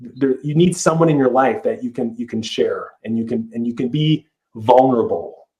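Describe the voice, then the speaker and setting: Middle-aged male life coach, podcast guest, earnest and emphatic, average pitch. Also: moderate pace, a little mellow, rough recording. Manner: earnest, emphatic, with many restarts. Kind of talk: podcast interview.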